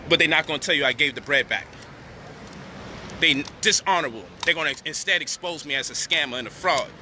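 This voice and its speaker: Indignant man ranting with a bright edge. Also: a little high, fast, a little hiss or hum. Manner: indignant, profane, rising to near shouting at times. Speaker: online commentator addressing his audience. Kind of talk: heated direct-to-camera rant.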